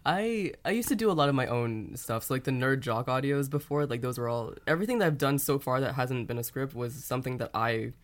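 A woman's voice: extremely low pitch, lively intonation, a little fast. Chatty, self-conscious woman guest. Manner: chatty and self-conscious, frequent 'like' fillers. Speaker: guest, audio content creator. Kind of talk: casual interview chat.

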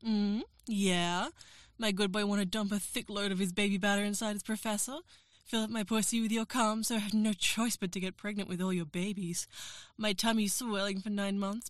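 A woman's voice: medium pitch, no room sound. Teasing, commanding woman, dry close voice. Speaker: professor character in audio role-play. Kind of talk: erotic audio role-play.

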